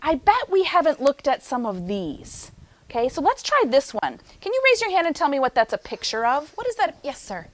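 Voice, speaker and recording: A young adult woman teaching a phonics lesson to young children in an animated, sing-song teacher voice. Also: sits high. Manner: animated, sing-song teacher voice, slows for chanted poem lines.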